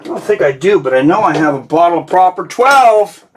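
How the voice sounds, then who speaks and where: A man's voice: high-pitched, expressive, normal speed, background noise. A man hosting a live fight stream, chatting casually and rambling as he thanks his viewers and donors.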